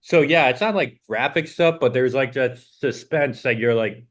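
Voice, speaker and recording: A man's voice: medium pitch, normal speed, fairly bright tone. A young adult man co-hosting a podcast, talking casually and filling his sentences with "like". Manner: rambling, peppered with "like". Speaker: podcast co-host. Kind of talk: casual chat.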